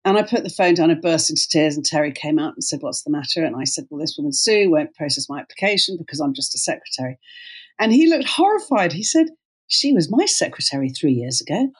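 A middle-aged woman, a company co-founder, telling her career story in an interview in an animated way, with many fillers and restarts. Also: low voice, fast, slightly rough. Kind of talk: conversational storytelling.

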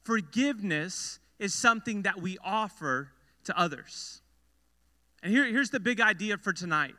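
A man's voice: high voice, animated, measured pace, bright, forceful tone. A young man preaching a sermon to students as a youth pastor, telling a story earnestly and repeating phrases for emphasis. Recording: long hall reverb.

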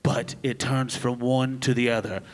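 A man at a middling pitch narrates a tabletop game as its game master, telling the scene with dramatic weight. Faint background noise sits under his voice. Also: flat delivery, normal speed.

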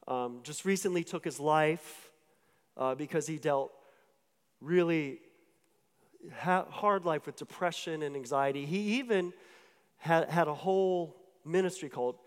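A man's voice: on the high side, a little slow, clean tone. A man giving a sermon as a personal testimony, telling his story casually with fillers and restarts. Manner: conversational storytelling with filler words and repeated restarts. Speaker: pastor. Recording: long hall reverb.

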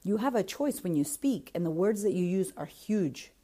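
A woman's voice: mid-range voice, lively intonation, moderate pace, dark tone. A woman hosting a podcast, giving a blunt, casual motivational talk straight to the listener, swearing freely as she coaches. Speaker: podcast host and confidence coach.

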